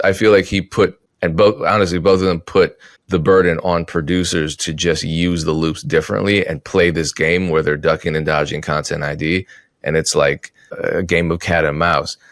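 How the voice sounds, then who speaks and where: A deep-voiced man talks through his argument in a casual podcast style, often stopping to rephrase himself. His voice sits very low and the recording is dry and close. He picks up energy whenever he lands a point. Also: moderate pace, dry recording. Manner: thoughtful, self-correcting, animated when making points. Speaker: podcast host, music producer. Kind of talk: casual opinion talk.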